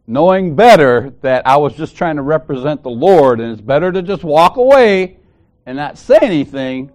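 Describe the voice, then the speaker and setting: A man telling a story in a relaxed, conversational way, animatedly acting out both sides of an argument. He repeats phrases for emphasis. His voice sits at an ordinary middle pitch. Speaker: church elder sharing a personal story.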